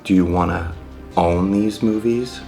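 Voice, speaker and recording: A man voicing a creepy young male video store clerk, talking in a slow, hushed, conspiratorial way. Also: low voice, creaky, faint music behind.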